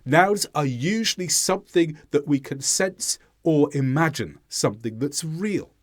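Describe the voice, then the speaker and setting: Slow, lively-voiced teacher. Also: male voice, fairly high pitch, no echo, studio quality. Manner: deliberate, explains clearly and models sounds aloud. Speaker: English pronunciation teacher. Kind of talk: instructional lesson narration.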